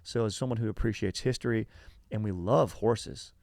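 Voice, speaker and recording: A man's voice: lowish voice, moderate pace, creaky, a little mellow, no echo, clean studio sound. A man hosting a podcast, telling a history story in a rambling, slangy, casual way full of fillers. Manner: rambling, filler-heavy, slangy, says dude and bro.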